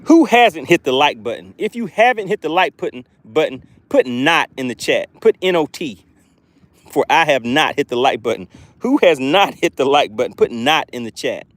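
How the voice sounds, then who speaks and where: A man's voice: on the high side, lively intonation, normal speed, fairly bright tone, no echo. A man with a Southern US accent hosting a live fishing stream outdoors, reading viewer comments aloud and laughing often in a friendly, chatty way. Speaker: fishing livestream host.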